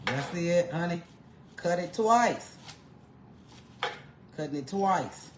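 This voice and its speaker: A woman's voice: fairly low pitch, lively intonation, takes it slowly, reverberant, background noise. A woman demonstrating home cooking, folksy and chatty, calling the viewer honey and laughing often. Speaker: home cook vlogger. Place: home kitchen.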